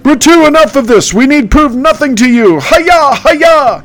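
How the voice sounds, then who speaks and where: A man's voice: lively intonation, measured pace, a bit bright, heavily acted. A man voicing a heroic male ranger captain, giving orders in a strained, raised voice and stammering at times. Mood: commanding. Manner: high strained commanding voice, stammering.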